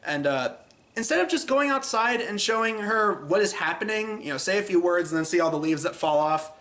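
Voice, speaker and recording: Bright-voiced chatty film reviewer, man. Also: high-pitched, brisk. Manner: chatty, exasperated, animated.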